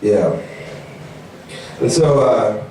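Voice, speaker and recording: Rambling young comic in an echoey room. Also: male voice, lowish voice, drawn-out words, slight background noise. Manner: rambling, animated, voices mocking characters. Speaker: stand-up comedian. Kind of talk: stand-up comedy set. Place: comedy venue. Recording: very echoey room, mic far off.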